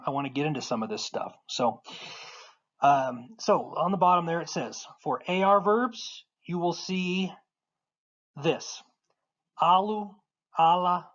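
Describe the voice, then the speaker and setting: A Portuguese teacher giving a casual recorded lesson, patiently repeating words slowly for learners. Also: mid-range voice, a bit bright, highs cut off.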